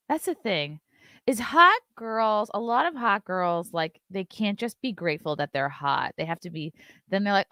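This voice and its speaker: A woman's voice: mid-range voice, lively intonation, a little slow, sharp tone, no room sound, clean studio sound. A woman hosting an opinionated commentary show, ranting with sarcasm and profanity. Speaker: host.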